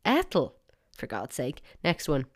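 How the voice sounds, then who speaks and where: Hosting her own podcast alone, an Irish-accented woman talks in a low register at a normal speed, her sound clean. Her style is chatty and wry, punctuated by flashes of mock outrage.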